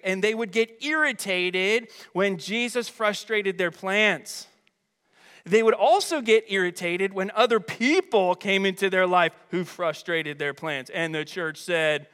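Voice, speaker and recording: A man preaching a sermon as a pastor, energetic and emphatic, with chatty rhetorical asides. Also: high voice. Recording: long hall reverb.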